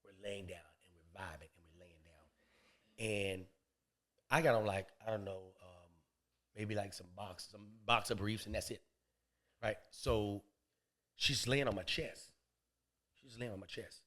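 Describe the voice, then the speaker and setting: A man guest on a podcast telling a comedic story, slangy and profane, dropping to low murmurs and then bursting out loud. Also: a little slow, pauses often. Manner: animated, swings between low murmurs and loud outbursts.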